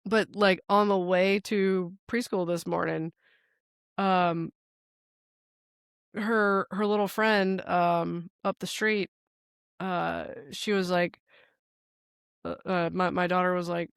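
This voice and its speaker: A woman's voice: on the low side, fairly even intonation, takes it slowly, creaky, pauses often, clear, resonant tone, no room sound, studio quality. A woman in her forties, a podcast co-host in casual chat, telling a story with lots of swearing and rambling asides. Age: 40s.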